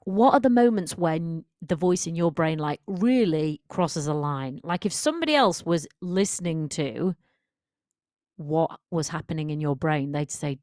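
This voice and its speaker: A low-voiced confidence coach speaks to listeners on her solo podcast, direct, emphatic and conversational. She's expressive yet unhurried and a little mellow, recorded close and dry with no room echo.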